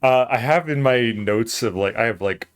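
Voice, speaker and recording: A man's voice: mid-range voice, normal speed. A man streaming while he draws, chatting casually in a rambling, playful way with lots of fillers.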